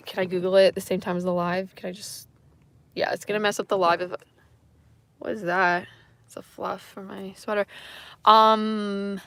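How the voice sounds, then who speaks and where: A woman's voice: medium pitch, a bit bright. A young woman with a subtle western Canadian accent talks loosely to her livestream viewers. Her speech rambles, full of fillers and self-deprecating asides. The sound is dry and close, with no room echo. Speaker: livestream host. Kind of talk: casual livestream chat reading comments.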